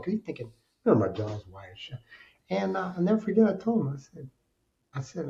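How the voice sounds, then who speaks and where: A man speaks as a podcast guest, telling his story with animated emphasis and a dark, mellow tone. The sound is a little dull and muffled. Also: medium pitch, brisk, creaky. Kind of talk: candid storytelling interview.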